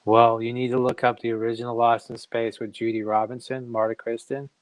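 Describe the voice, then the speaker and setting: A middle-aged man, a comic creator, telling casual anecdotes in an animated way and acting out other people's voices. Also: mid-range voice, fairly quick, no echo, poor audio. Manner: animated, acts out quoted voices.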